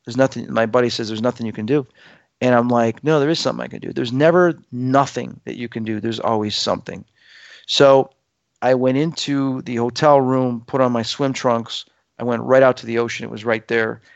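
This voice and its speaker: Man, animated storyteller, acts out quoted voices, dull dry sound. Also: medium pitch, fairly quick, gravelly, no room sound. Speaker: guest telling a story.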